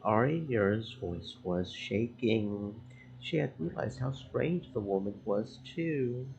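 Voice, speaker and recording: A man streaming a game, reading its story text aloud in slow, measured narration. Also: fairly low pitch, animated, creaky, darkish tone, dull audio, a little hiss or hum.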